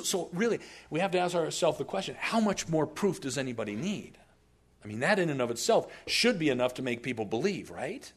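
Animated storytelling pastor, man. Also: fairly high pitch, slightly rough. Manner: animated, storytelling, humorous asides. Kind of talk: sermon.

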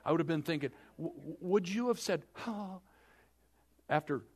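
A man preaching a sermon, telling the story dramatically with joking asides to the congregation, swinging between loud and hushed. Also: fairly high pitch, lively intonation, fairly quick, breathy edge. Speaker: pastor.

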